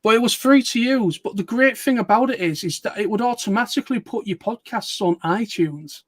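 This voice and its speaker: High-voiced man telling rambling stories. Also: brisk, fairly bright tone. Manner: rambling, laughing storyteller with frequent restarts. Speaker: streamer. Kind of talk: casual chat.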